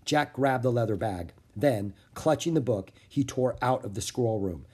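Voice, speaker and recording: Expressive man reading a children's book. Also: medium pitch, moderate pace. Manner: clear storytelling, expressive. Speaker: narrator.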